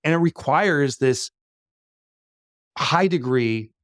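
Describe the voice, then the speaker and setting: A man's voice: a little high, expressive, slow, dry recording, clean studio sound. A middle-aged man answering interview questions in a chatty way, often with fillers and restarts. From United States. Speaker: guest, business author.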